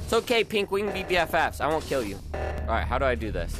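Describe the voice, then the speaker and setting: A goofy male streamer, joking through a VR game with loud game music behind him. His pitch leaps all over, from low conspiratorial mutters to high yelps. He sounds playful and never stays still for long. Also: big pitch swings, quick pace. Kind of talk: joking gameplay chatter.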